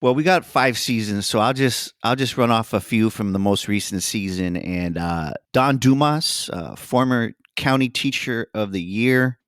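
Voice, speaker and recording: A man's voice: lowish voice, measured pace, hardly any pauses, no echo, clean studio sound. A man co-hosting a podcast, laid-back and appreciative, with casual slang. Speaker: podcast co-host.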